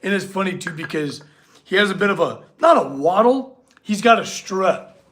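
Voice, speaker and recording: A California man streams from his metal workshop as a blacksmith, chatting loosely with viewers and fussing over his dogs. His voice sits high and sounds fairly bright, expressive and moderately paced in this casual livestream talk.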